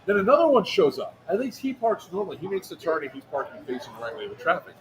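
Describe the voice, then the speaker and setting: A man telling a story in casual chat on a livestream, animated and profane, acting out other people's lines. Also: on the high side, quick pace, crowd noise, rough recording. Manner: animated, profane, acts out quotes in a raised voice. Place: outdoor airsoft event.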